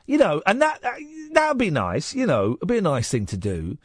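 Male radio host, lively pitch, higher than most men, teasing and rambling, dry studio mic. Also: normal speed, husky, no echo. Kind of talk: late-night radio chat. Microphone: studio microphone.

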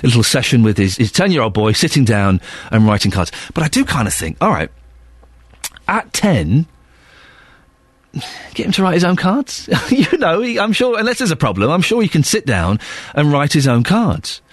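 A middle-aged man presenting a casual breakfast radio show from a studio, chatty and quick to laugh. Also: fairly high pitch, slightly rough, no room sound. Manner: chatty, animated, laughs often.

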